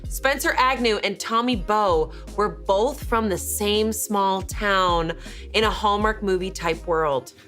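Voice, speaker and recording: Bright-voiced excitable woman. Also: medium pitch, soft background music. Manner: excitable, quick to gasp and laugh. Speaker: comedy show cast member. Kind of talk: playful comedic chat.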